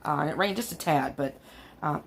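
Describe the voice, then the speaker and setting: A woman's voice: low-pitched, brisk, gravelly, breathy edge. A woman from California giving a casual, rambling tarot reading from an upstairs room at home. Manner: rambling, chatty, laughs often. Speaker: tarot reader. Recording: faint fan noise at home. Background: faint fan noise.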